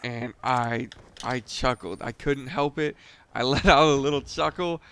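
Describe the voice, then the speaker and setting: A man's voice: medium pitch, unhurried, fairly bright tone, clear, resonant tone. A young man casually retelling a boot camp story, loose and profane, chuckling now and then. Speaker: storyteller, former Marine recruit.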